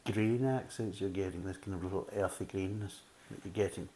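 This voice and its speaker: A man's voice: low voice, fast, mellow, slight background noise. A man giving a casual, methodical beer tasting review, full of "kind of" fillers.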